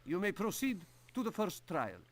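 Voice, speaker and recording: A man's voice: high-pitched, huge pitch swings, normal speed. A man voicing a haughty video game character who poses riddles and mocks the player with theatrical snootiness.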